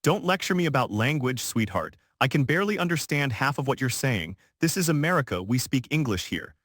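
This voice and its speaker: A man's voice: mid-range voice, sing-song, a little fast, a bit bright, no room sound, clean studio sound. A man voicing an arrogant, impatient businessman in a narrated story, talking down to others. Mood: condescending. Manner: condescending and assertive.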